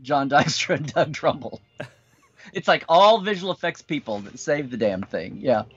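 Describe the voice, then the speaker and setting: A man co-hosting a casual livestream, talking chattily with quick asides and frequent chuckles. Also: a little high, expressive, fairly bright tone, slightly rough. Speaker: co-host. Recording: dull lo-fi video call audio.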